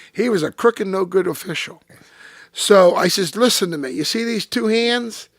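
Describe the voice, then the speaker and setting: Gravelly, blunt older man telling stories. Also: high voice, normal speed. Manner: blunt, profane, flares into shouting when retelling confrontations. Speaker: interview guest, former racing driver. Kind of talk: storytelling in a casual interview.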